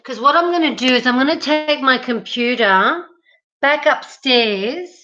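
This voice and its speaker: A woman's voice: high-pitched, animated, a little slow, muffled recording. A woman chatting casually with viewers of her home livestream, talking straight to them through a laptop mic. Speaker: livestream host. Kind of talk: casual live-stream chat. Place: at home, moving between rooms.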